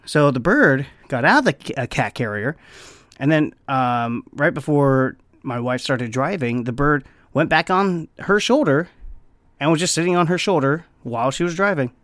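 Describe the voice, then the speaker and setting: A man casually telling a story on his vlog. He swears freely and breaks into squeaky bird noises. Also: lively intonation, normal speed, fairly bright tone, no echo. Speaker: vlogger.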